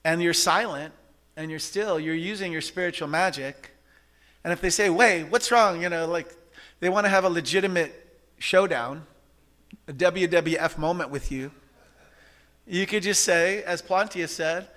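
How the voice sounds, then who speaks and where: A man's voice: fairly high pitch, moderate pace, fairly bright tone. A man giving an interactive spiritual talk to a congregation, often asking the audience questions. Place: church service hall.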